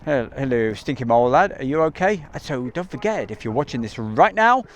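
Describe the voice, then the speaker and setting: A man's voice: mid-range voice, big pitch swings, fairly quick, slight background noise. Chatty man hosting a live stream. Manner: chatty, rambling, many ums and uhs. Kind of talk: casual live commentary. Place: outdoors near an airbase. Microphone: camcorder mic.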